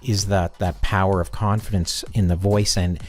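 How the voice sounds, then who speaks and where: Conversational male host, low voice. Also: steady tone, moderate pace, darkish tone. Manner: conversational, thoughtful questioning. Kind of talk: interview questions.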